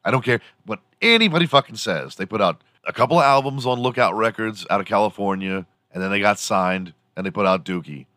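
Low-pitched guy ranting on his morning show, swears a lot, rambles, dry sound. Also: fairly quick, hardly any pauses, pushed and bright, dry recording. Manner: profane, rambling, loose. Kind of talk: casual solo rant.

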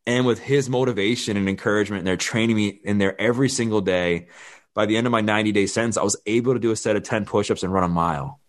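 A man in his thirties tells his own story with blunt, plain-spoken candor. His voice sits a touch low, and he acts out quoted conversations in the flow of his telling. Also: quick pace. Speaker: fitness trainer telling his life story. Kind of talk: candid personal storytelling.

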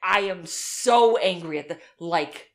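A woman co-hosting a podcast, reacting in casual chat with loud, outraged, profane commentary. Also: fairly low pitch, slow. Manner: loud, outraged, heavy swearing. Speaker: podcast co-host.

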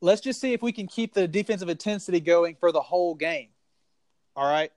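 A Southern US man breaks down a football game in a casual podcast, his voice sitting high for a man. He rambles and restarts his sentences, getting heated as he goes. The sound is dry and close, with no room in it. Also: a little fast, a little mellow, dry recording. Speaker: sports podcast co-host. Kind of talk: casual sports talk.

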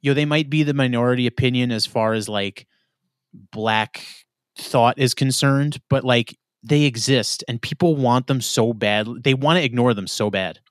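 A man's voice: medium pitch, normal speed, clean tone, no echo, clean studio sound. A man co-hosting a podcast, hesitant and stammering as he thinks aloud. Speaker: podcast co-host. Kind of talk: casual podcast chat.

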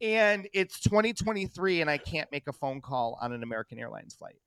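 Smooth sardonic podcast co-host. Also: male voice, fairly high pitch, sing-song, brisk, fairly bright tone, dry recording. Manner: sardonic, rambling with many fillers. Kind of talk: casual podcast chat.

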